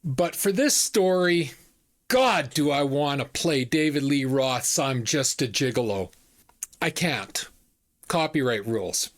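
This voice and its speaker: A man's voice: medium pitch, animated, slow pace. A man in his fifties telling a story to camera in a chatty, casual way, often repeating himself and using fillers. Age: 50s. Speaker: vlog host.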